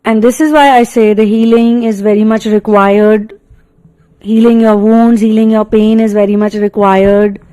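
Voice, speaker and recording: A woman's voice: medium pitch, fairly even intonation, normal speed, warm tone, smooth, rough recording. A woman with an Indian English accent, a tarot and energy reader, giving a spiritual reading in an earnest, repetitive way, full of fillers and emphatic restatements.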